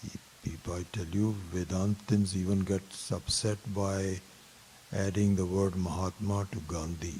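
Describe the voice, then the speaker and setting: A man teaching a Vedanta class, telling a story slowly with many pauses and fillers. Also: deep voice, little pitch movement, dark tone, a little hiss or hum. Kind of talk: spiritual lecture with story.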